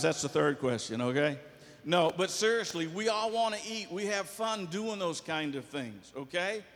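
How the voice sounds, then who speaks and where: A man's voice: sits high, lively intonation, moderate pace, a bit bright. A man preaching a sermon as pastor, folksy, with asides and jokes. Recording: long hall reverb.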